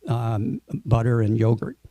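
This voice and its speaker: A hungry, naughty little boy, spoken by a man telling a sermon story. The voice is gravelly and mellow, close to the narrator's own. He muses aloud in plain, everyday words. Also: medium pitch, big pitch swings, measured pace, no echo, pitched below the performer's own voice, heavily acted. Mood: musing. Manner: plain quoted musing in the storyteller's voice.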